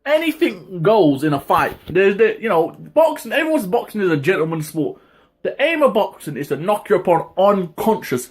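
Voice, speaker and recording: A man hosting his own boxing talk channel, ranting in a heated, casual way, with lots of swearing and sudden high-pitched outbursts. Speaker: boxing commentary vlogger. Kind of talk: casual opinion rant.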